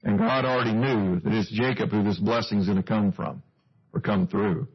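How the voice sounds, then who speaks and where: Husky male preacher, earnest. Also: on the low side, moderate pace. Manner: earnest, questioning the listeners. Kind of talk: sermon. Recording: dull lo-fi recording.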